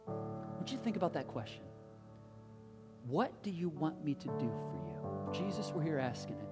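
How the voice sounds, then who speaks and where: Pastor, sermon, impassioned, repeated rhetorical questions, swings loud to hushed, long hall reverb. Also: medium pitch.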